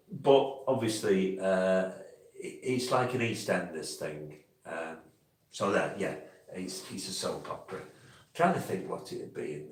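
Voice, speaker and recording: This live stream host has a low voice with a darkish tone. Talking loosely with his viewers, he wanders and restarts a lot, and the distant mic picks up plenty of room echo.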